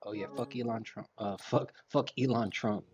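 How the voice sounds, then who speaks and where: A man's voice: lowish voice, steady tone, normal speed, a little mellow, muffled recording, soft background music. A man livestreaming a shooter game, chatting casually, ranting and trash-talking with a lot of profanity. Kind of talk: casual gameplay commentary. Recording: gunfire and game sounds behind.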